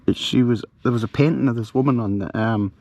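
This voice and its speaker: Speaking quickly in a mid-range, darkish voice, a middle-aged man vlogs from his bivvy bag outdoors at night on a handheld camera. The camper's story rambles along with plenty of fillers and restarts, and there's no room sound.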